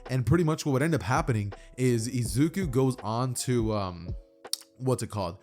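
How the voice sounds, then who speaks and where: A man's voice: mid-range voice, animated, normal speed, a little mellow, soft background music. A man casually retelling a fan story as a YouTube narrator, chatty and full of "you know" and "like".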